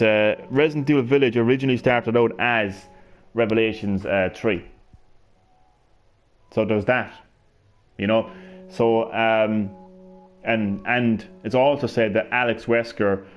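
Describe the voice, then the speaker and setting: Excitable rambling man, low voice. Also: lo-fi sound. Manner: excitable, rambling, swears often, many restarts. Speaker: gaming channel host. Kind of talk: excited rambling lore discussion. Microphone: gaming headset.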